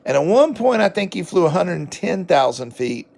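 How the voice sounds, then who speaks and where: Folksy Southern man with a gravelly voice. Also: high voice, big pitch swings, moderate pace, a little mellow. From southern United States. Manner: rambling, folksy, with many fillers and self-corrections. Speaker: book reviewer. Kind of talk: casual book review vlog.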